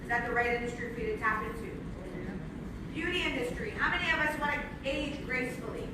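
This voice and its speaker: A woman in her sixties, giving an energetic business pitch to a live audience on a handheld mic, her voice strained from shouting. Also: recorded from a distance, very noisy. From Canada. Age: 60s. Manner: energetic, rapid questions to the crowd. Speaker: sales presenter. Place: large room with an audience. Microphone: handheld microphone. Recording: very echoey hall, mic from afar.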